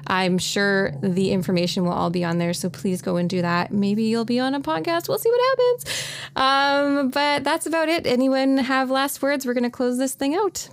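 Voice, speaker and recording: A woman's voice: fairly high pitch, steady tone, moderate pace, hardly any pauses. A woman with a Canadian accent hosting a casual audio chat room in a bubbly, upbeat manner. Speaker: room host.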